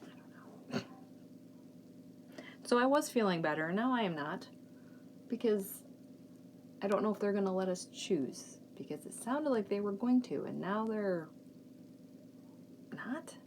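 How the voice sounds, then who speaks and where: A woman's voice: mid-range voice, lively intonation, unhurried, long pauses, darkish tone. A woman in her thirties hosting a knitting podcast, talking casually and frankly and fretting a little. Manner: chatty, frank, fretful about the kids' schooling. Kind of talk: casual chat. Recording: faint background noise.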